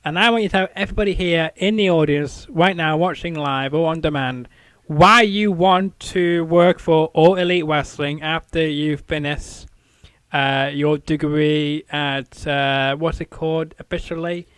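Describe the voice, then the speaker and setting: A man's voice: fairly high pitch, a little slow, fairly bright tone, smooth, no room sound. A man hosting a casual interview show, rambling with many fillers and repeated "I think". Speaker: show host.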